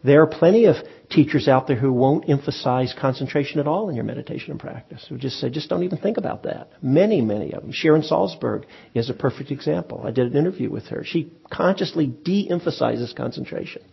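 A man teaching meditation to a group, speaking in a relaxed, conversational way with frequent pauses and restarts. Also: mid-range voice, creaky, breathy edge, dull audio. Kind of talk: dharma talk. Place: meditation hall with audience.

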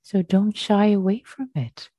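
A woman leading an online meditation group as its teacher, speaking gently and slowly in a reassuring way over a video call. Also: mid-range voice, expressive, husky, no room sound.

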